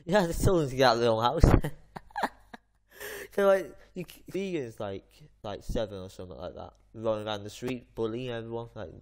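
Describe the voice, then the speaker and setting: A man's voice: medium pitch, expressive, brisk, a little mellow. Rambling man telling a story. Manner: rambling anecdote full of fillers and restarts. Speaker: gaming channel host. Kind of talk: casual chat while gaming.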